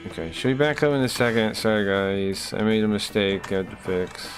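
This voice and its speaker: A man's voice: on the low side, fairly quick, few pauses, faint music behind. A man streaming live, chatting casually with his viewers in rambling, profane rants that keep breaking off and restarting.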